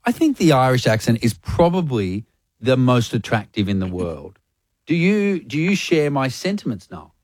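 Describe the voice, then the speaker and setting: Lively man hosting radio, dry sound. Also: medium pitch, moderate pace, no echo. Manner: playful, teasing questions. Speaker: radio host. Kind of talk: drive-time radio chat.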